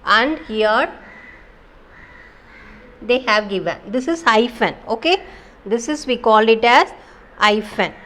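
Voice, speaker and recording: A woman's voice: on the high side, expressive, slow pace, pauses often, fairly bright tone. Woman teaching class. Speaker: English teacher. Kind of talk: recorded online class lesson.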